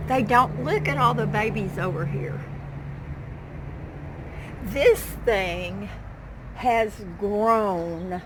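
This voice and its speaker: A woman's voice: mid-range voice, slow pace, pauses often, a little hiss or hum, poor audio. A woman chatting casually to her viewers outdoors in her backyard garden, fond of her plants. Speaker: gardening vlogger. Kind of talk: casual show-and-tell chat.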